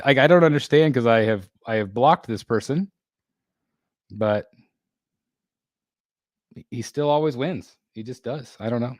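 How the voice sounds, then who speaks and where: Casual livestream host, male, mid-range voice, heard in a dry recording with clean studio sound. He's in a home room being built, reading viewer comments with a halting delivery full of fillers, restarts and small laughs.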